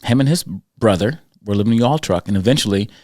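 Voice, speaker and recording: Lower-voiced man telling animated stories. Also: rapid-fire, no room sound, studio quality. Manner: animated storyteller, acts out quoted voices. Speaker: podcast host and school character-education speaker. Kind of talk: conversational storytelling.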